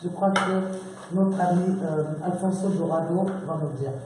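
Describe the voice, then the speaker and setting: A man's voice: sits high, moderate pace, background noise. A man moderating a press conference, introducing a speaker with questions and some hesitation. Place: conference hall. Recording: very echoey conference room.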